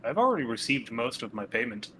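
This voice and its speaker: A man acting as game master in a tabletop game. His voice is bright and forward, with faint ambient noise behind it. He gives short, matter-of-fact rulings. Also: medium pitch, very animated, quick pace.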